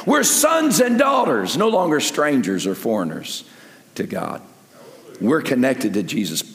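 An older man preaching a sermon as pastor, rising to loud peaks and dropping to soft asides. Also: mid-range voice, big pitch swings, measured pace. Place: large church sanctuary with long reverb. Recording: echoey hall with long reverb.

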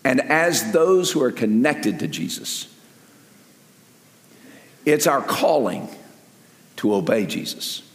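An older male pastor delivers a lively sermon in a large church sanctuary, his slow, vocal-fry voice pausing often and swinging from loud peaks down to soft, low asides. The hall is echoey with a long reverb.

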